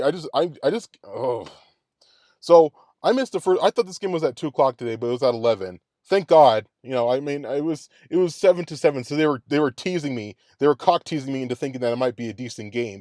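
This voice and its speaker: A man's voice: mid-range voice, warm tone, no echo, clean studio sound. A man hosting a sports reaction show, ranting in a heated, profane way and repeating his complaints. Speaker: sports podcast host. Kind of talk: angry sports reaction rant.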